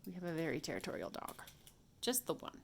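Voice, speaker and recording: A woman's voice: low voice, sing-song, fast, gravelly, a little hiss or hum. Chatty woman demonstrating a craft. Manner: chatty, talks to herself while working, drops to whispers. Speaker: craft video host. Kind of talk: casual hands-on tutorial. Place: home craft room.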